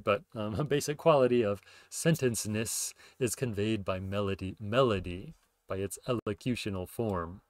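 A man's voice: lowish voice, no echo. A man hosting his own podcast, explaining ideas in a casual lecture, thinking aloud with fillers and self-corrections. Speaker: podcast host explaining linguistics.

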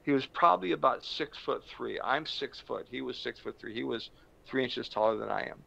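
Gravelly-voiced man telling a story. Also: mid-range voice, bright, forceful tone. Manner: slow, dramatic storytelling with emphatic pauses. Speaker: motivational speaker. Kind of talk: storytelling talk to camera. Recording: dull lo-fi sound.

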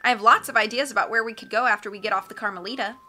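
A woman's voice: a little high, very fast, bright, forceful tone. Woman doing a shady hook-handed henchman guy, bossy and clipped. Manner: curt, commanding.

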